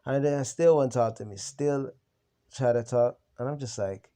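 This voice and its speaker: A young man with a mellow, dark-toned voice talks straight to camera in an unscripted vlog. He tells his story heatedly, full of blunt slang and swearing, without stopping. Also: mid-range voice, moderate pace. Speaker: vlogger on recovery from narcissistic abuse. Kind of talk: unscripted personal venting to camera.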